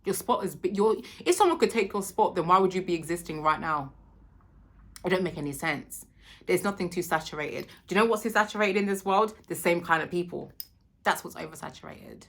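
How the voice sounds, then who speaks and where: A woman's voice: on the low side, expressive, fairly quick, creaky. A woman giving a casual motivational talk to camera, affectionate and reassuring, calling the listener sweetheart. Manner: affectionate, calls the viewer sweetheart and darling; emphatic, reassuring, spiritual. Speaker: vlogger giving encouragement.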